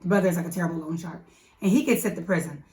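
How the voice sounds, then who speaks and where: A woman co-hosting a casual movie review, talking in a chatty, animated way with quick asides. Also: fairly low pitch. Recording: echoey room, mic at a distance.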